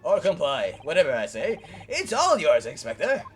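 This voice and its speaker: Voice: medium pitch, wildly swooping pitch, voice pushed down. A streamer voicing a flamboyant, grandiose male detective while reading game dialogue aloud, faint game music behind. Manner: pompous, drawn-out flourishes.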